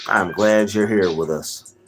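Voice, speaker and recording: A young man hosting a casual livestream, rambling and giving shout-outs to chatters by name. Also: low-pitched, a little slow, faint music behind. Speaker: livestream host.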